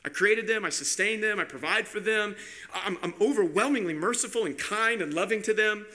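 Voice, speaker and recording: A man's voice: sits high, brisk, bright, forceful tone. A man voicing God as a hurt, weary male neighbor who chats casually and confides over the fence, in a sermon illustration. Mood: aggrieved.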